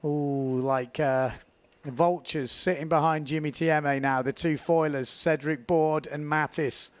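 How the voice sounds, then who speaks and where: A man giving live, chatty commentary on a windsurf race, building excitement at key moments. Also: on the high side, unhurried, dry recording.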